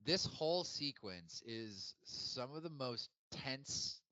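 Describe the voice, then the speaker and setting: A man co-hosting a podcast, chatting casually and excitedly about a movie. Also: medium pitch, slow, no room sound, highs cut off. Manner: animated, quotes movie lines. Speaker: podcast co-host.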